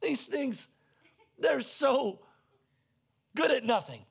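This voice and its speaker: A man preaching a sermon as pastor, earnest and conversational, repeating himself as he searches for words and rising near a shout when stirred. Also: very high voice, big pitch swings, slow pace, creaky.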